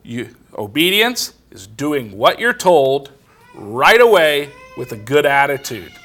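Bright-voiced man preaching a sermon. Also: medium pitch, sing-song, slow. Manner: plain storytelling, quoting others in conversation.

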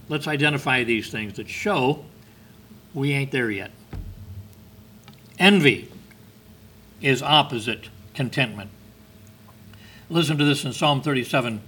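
A man's voice: medium pitch, bright, forceful tone, a little hiss or hum. A man preaching a sermon in a conversational way, asking his listeners questions and reading scripture aloud. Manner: conversational preaching with rhetorical questions and emphatic lifts; reads scripture in King James wording.

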